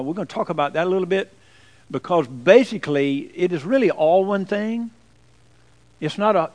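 A man's voice: a little high, low-quality recording. A man, a pastor giving a folksy, joking sermon to his congregation in church. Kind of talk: sermon with jokes.

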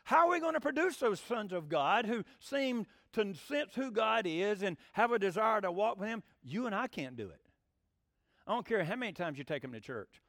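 A man's voice: sits high, normal speed, no room sound, clean studio sound. A middle-aged man preaching a sermon in a folksy way, asking his listeners questions as he goes. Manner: folksy, animated, asks the room questions. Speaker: pastor.

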